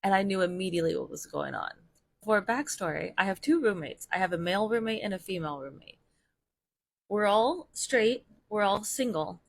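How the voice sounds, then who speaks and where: A woman's voice: medium pitch, animated, normal speed, gravelly. A young woman telling a wild story in a chatty, incredulous, rambling way. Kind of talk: casual storytime.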